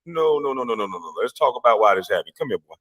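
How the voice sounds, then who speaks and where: During a live stream, a man delivers a heated, blunt, profane rant at a quick pace. His voice sits at an ordinary pitch and is expressive, and he breaks into loud, mocking voices whenever he quotes his rivals.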